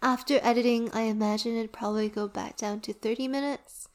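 A woman rambling casually in a relaxed, sleepy way while lying down, her voice soft and often dropping to a whisper. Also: on the high side, brisk, hardly any pauses. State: drowsy, lying down. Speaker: audio performer and creator.

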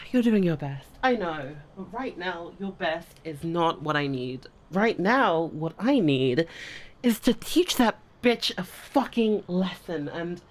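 In a one-sided audio role-play, a woman curses freely, frequently sinks into a hushed whisper, and stumbles through restarts when flustered. Her voice is on the low side.

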